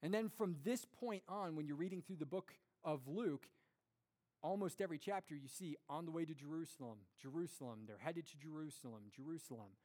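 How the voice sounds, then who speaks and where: A young man giving an earnest, conversational sermon to a congregation, with lively storytelling and rhetorical questions. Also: on the high side, brisk. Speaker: pastor.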